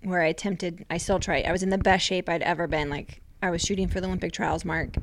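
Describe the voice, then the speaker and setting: A woman runner, a podcast guest, explaining calmly and step by step in casual chat. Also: on the low side, fast talker, slight background noise.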